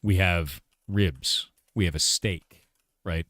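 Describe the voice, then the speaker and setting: A man's voice: sits low, slow pace, a bit bright, no room sound, clean studio sound. A man in his forties, a game developer and streamer, chatting casually, rambling, laughing often and swearing offhandedly. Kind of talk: casual livestream chat.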